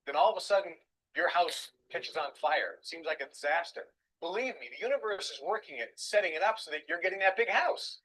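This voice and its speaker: Man, motivational seminar speaker, slightly high voice, repeats phrases for emphasis. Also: lively intonation, a little fast, fairly bright tone, low-quality recording. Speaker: self-help seminar speaker. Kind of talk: recorded motivational lecture.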